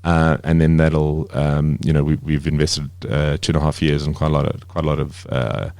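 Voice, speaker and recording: Deep-voiced man, rambling guest. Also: flat delivery, normal speed, vocal fry, a little mellow, no echo, clean studio sound. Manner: rambling, many fillers and restarts. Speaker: media company CEO, guest. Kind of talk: casual interview talk.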